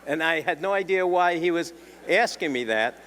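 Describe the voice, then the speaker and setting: An older man with a New York accent tells a story in a wry, anecdotal way, with restarts and the odd cleared throat. His voice sits a little high for a man. It rings with long reverb from a lecture hall. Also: animated, normal speed, fairly bright tone. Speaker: defense attorney speaker. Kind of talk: storytelling talk.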